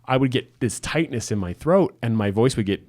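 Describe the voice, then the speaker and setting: A man's voice: medium pitch, lively intonation, darkish tone, no echo, clean studio sound. A man co-hosting a podcast in casual chat, rambling and restarting his sentences as he goes. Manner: quick, rambling, many restarts. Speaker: podcast co-host.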